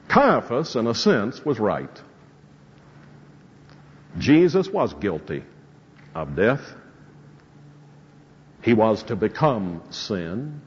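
A male preacher works through scripture verse by verse, his pitch swinging widely as he builds emphasis. He speaks slowly with a slightly husky tone. The recording is dull and lo-fi, with long reverb from a church hall. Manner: expository preaching, quoting scripture with rising emphasis. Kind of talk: sermon.

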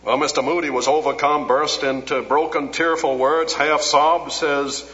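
Man, sermon storytelling and prayer, fairly high pitch, loud dramatic quotes, soft low prayer, dull old recording. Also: fairly even intonation, moderate pace, few pauses. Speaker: preacher. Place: large auditorium. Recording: dull lo-fi sound with long hall reverb.

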